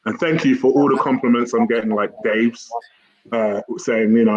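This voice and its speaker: A man's voice: medium pitch, normal speed. Chill guy hosting a football stream, kinda hesitant, muffled sound with crowd noise in back. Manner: calm, mildly hesitant with filler ums. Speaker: channel host. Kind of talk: livestream football review.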